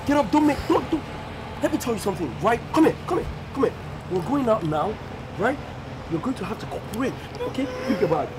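A man's voice: high voice, background noise. A man playing a menacing Nigerian armed robber. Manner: threatening, taunting, repetitive commands. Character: menacing male armed robber, taunting and cruel.

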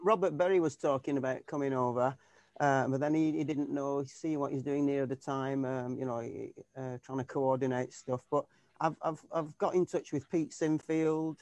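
A man's voice: medium pitch, steady tone, moderate pace, darkish tone, no room sound. A man, a tribute band keyboardist, chatting in an interview over a video call. He rambles and restarts often, with plenty of fillers. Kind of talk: casual interview chat.

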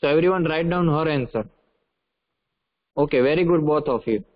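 Indian man teaching over a muffled call. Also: a little high. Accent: Indian English. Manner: repeats questions, dictates slowly, coaxing. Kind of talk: online English class. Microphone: video call.

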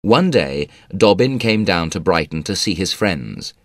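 Male audiobook narrator, very low voice, dry studio sound, measured read. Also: dry recording. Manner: measured, even storytelling.

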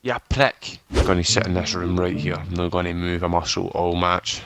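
A man's voice: deep voice, a little fast, faint music behind. A young man, swearing and mocking his friends in casual gaming chat. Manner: swearing, mocking banter, loud outbursts. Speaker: gamer.

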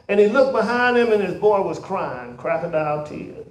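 Pastor, high tenor preaching voice, rising to shouts, roomy sanctuary sound. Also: male voice, lively intonation, moderate pace, few pauses. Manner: builds to shouted emphatic climaxes. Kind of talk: sermon. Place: church sanctuary. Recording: roomy church hall echo.

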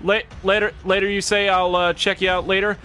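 A man streaming a horror game, reacting with loud laughing and swearing outbursts. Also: high-pitched, level tone, brisk. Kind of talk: excited gameplay commentary.

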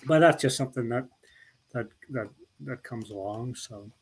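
A man's voice: medium pitch, normal speed, slight background noise, low-quality recording. A middle-aged man with a Northern Irish accent, a guest talking in a casual interview, rambling with many restarts and asides. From Northern Ireland.

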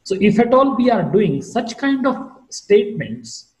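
Male lecturer, high and very lively pitch, unhurried classroom delivery, echoey room. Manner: slow, deliberate teaching with wide pitch swings. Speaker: English phonetics lecturer. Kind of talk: recorded online lecture.

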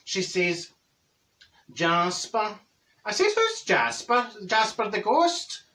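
A man doing a cheeky gossipy Glaswegian woman, high voice, bright edge, Glaswegian accent, a bit distant from the mic. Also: wildly swooping pitch, takes it slowly, heavily acted. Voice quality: chatty, gossipy storytelling with Scots words. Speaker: comedy character host. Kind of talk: comic character monologue.

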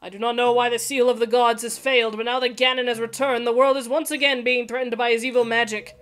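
A woman's voice: a little high, little pitch movement, fast talker, a bit bright, faint music behind, lightly acted. A woman reading the lines of a wise old male talking boat king in a video game, with a solemn, formal delivery. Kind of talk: reading game dialogue aloud.

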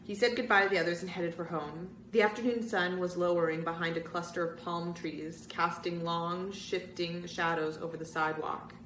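A woman reads a spooky children's chapter book aloud, narrating with drama and feeling. Her voice is mid-pitched. The room gives it a noticeable echo. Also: little pitch movement, moderate pace, few pauses, fairly bright tone, distant mic, slight background noise. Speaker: story-time reader. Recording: roomy echo.

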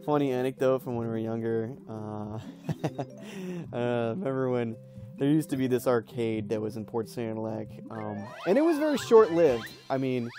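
A young man casually commenting while playing a video game, rambling and laughing through stories with lots of fillers. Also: medium pitch. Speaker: let's play host.

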